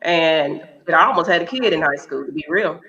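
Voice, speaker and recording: A woman's voice: low voice, animated, moderate pace, pushed and bright. A woman in her thirties, a podcast co-host talking frankly and candidly in casual chat. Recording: dull lo-fi recording.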